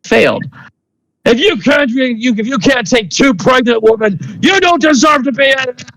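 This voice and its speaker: A man voicing a furious masked young man who yells harshly and wants prisoners killed. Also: on the high side, animated, measured pace, no echo, poor audio. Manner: yelling, harsh.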